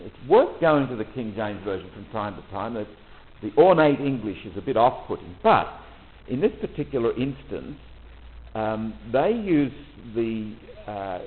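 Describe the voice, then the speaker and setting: A man leading a retreat talk for priests, relaxed and conversational, often pausing with ums and restarts. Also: fairly low pitch. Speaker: retreat leader. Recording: tinny phone-like audio.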